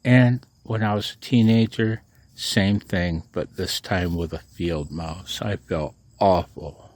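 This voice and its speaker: Slow, low-voiced man chatting late at night. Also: darkish tone, dry recording. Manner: chuckling, rambling storyteller. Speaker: amateur radio vlogger. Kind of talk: casual chat to camera.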